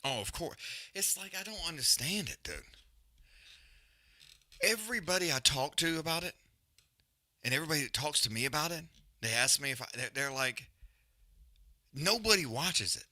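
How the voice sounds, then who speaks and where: Male watch-along host, profane and slangy, very bright tone, lively pitch. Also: brisk, long pauses. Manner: loose, profane, animated breakdown with slang. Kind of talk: casual live fight commentary.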